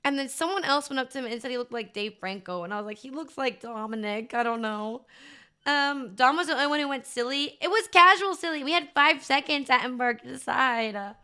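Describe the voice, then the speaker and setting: A woman's voice: high voice, quick pace, hardly any pauses, sharp tone. A young woman streamer chatting casually to her live chat, bubbly and gushing, with lots of fillers.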